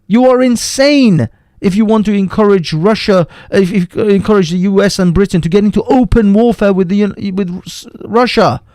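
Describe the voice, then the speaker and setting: A man with a fairly high voice runs a live stream, ranting hotly and swearing freely. His sentences stop and restart as he goes. The sound is dry and close, with no room around it. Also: normal speed, a little mellow, no echo. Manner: profane, heated, interrupts himself. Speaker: livestream host.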